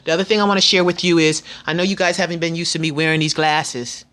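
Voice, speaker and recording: A woman's voice: on the low side, steady tone, quick pace, a bit bright. A woman of fifty sharing frank, earnest advice in a casual vlog, chatty and faith-filled, often restarting her sentences. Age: 50s. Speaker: vlogger.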